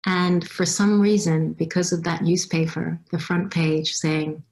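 Woman, guest speaker, personal storytelling, reflective, slightly low voice. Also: flat delivery, a little slow, a little mellow. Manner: reflective, acts out her own past reactions. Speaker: guest speaker at a youth summit.

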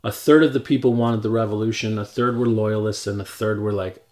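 A man's voice: lowish voice, steady tone, a little mellow. American man, podcast co-host, chatty, jokey, casual discussion. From United States. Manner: chatty, quick to joke and interject.

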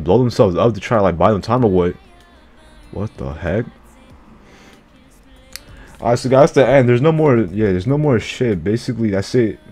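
A man's voice: medium pitch, a little mellow. A man casually reacting to an anime chapter, slangy and profane, who keeps blurting out exclamations.

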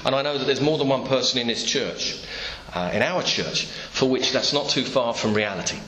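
A man preaches a sermon in a church, telling the story through imagined dialogue. His mid-range voice moves at a moderate pace, with background noise and faint ambience in the echoey room.

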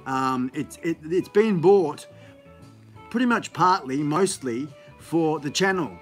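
A man chats his way through a live stream in a loose, rambling manner, full of ums and restarts. His voice sits fairly high for a man, and faint music plays underneath. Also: animated, slow. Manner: rambling, chatty, upbeat, many fillers. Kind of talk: casual live-stream chat. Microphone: phone on a gimbal.

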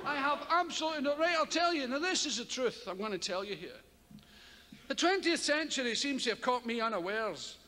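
A man's voice: very high voice, brisk, a faint crowd. A Scottish man performing live stand-up comedy on a theater stage, telling rambling, profane stories into a stage microphone. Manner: rambling, profane, animated storytelling. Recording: reverberant live hall with loud audience.

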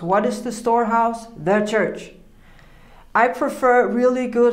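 A woman preaching an informal sermon, earnest and conversational, laughing often as she teaches. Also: on the high side. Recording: roomy echo.

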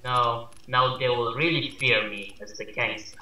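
In an echoey room, a young gamer jokes dryly with a friend as they play, giving casual gameplay commentary. His mid-range voice is sharp in tone, fairly even in intonation, and unhurried, and the banter stays dry and joking.

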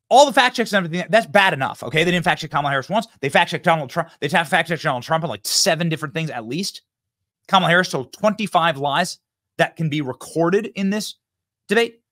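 A man in his thirties hosts a political commentary show. He talks in an emphatic, heated way and breaks into sudden outbursts. His voice sits a little high and swings widely in pitch. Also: fairly bright tone. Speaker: show host.

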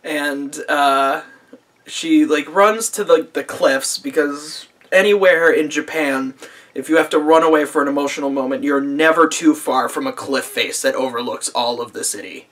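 A man's voice: a little high, normal speed, fairly bright tone. A man recapping an anime episode in a casual video review, sarcastic and profane, laughing often, recorded on a camera mic.

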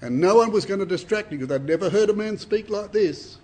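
A man's voice: high-pitched, lively intonation, fairly quick, darkish tone. A man preaching a Bible study to a congregation, reading scripture dramatically and asking rhetorical questions.

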